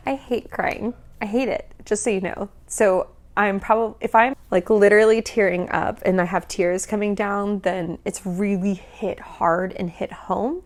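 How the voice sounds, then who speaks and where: A woman vocal coach giving lively, casual reaction commentary, often singing short examples and laughing. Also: medium pitch. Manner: animated, demonstrative, sings examples, laughs often.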